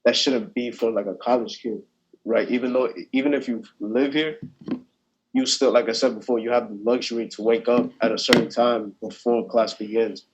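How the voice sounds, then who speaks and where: A man's voice: medium pitch, steady tone, normal speed, dull audio, slight background noise. A young man speaking as a student panelist in a casual discussion, hesitant and full of restarts, over a video call. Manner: hesitant, many restarts and fillers.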